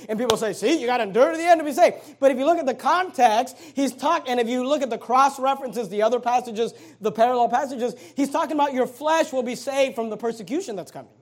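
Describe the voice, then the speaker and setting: A man's voice: extremely high pitch, quick pace, few pauses. A male pastor preaching a sermon, reading scripture aloud and emphatically stretching out key words.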